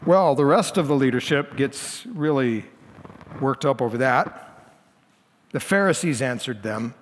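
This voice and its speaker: A man's voice: mid-range voice, animated, a little slow, slight background noise. A man preaching as lead pastor, working through scripture in a plain, conversational way in a church sanctuary. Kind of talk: expository sermon. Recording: long hall reverb.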